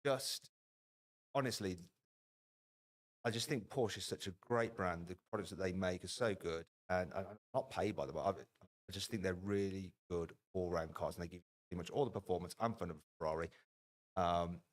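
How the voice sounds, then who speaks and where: Low-voiced chatty British man. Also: normal speed. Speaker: podcast guest, car video creator. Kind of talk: casual podcast chat.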